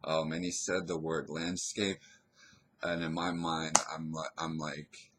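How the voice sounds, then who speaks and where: A man telling a personal story in a casual, hesitant way, pausing and restarting often. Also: very deep voice, little pitch movement, very noisy. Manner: hesitant, rambling, full of pauses and restarts.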